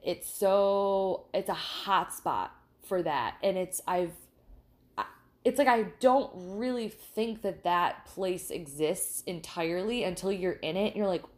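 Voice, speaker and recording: A woman co-hosting a podcast, telling a story in casual, animated chat, swearing freely and restarting her sentences often. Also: on the low side, unhurried. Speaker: podcast co-host.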